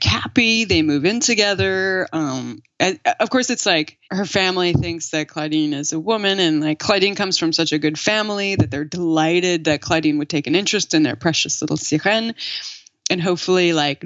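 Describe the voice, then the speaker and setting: A woman's voice: lowish voice, moderate pace, no echo. A woman translator guest in a casual podcast discussion, chatty and explanatory, often laughing. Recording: slightly muffled dry recording.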